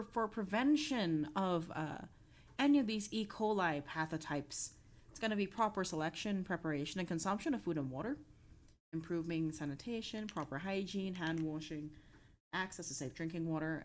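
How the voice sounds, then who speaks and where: A young woman streaming a study session, reading her notes aloud with many fillers and self-corrections, then breaking off to joke with her chat. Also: fairly low pitch. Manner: breaks off to react playfully to chat.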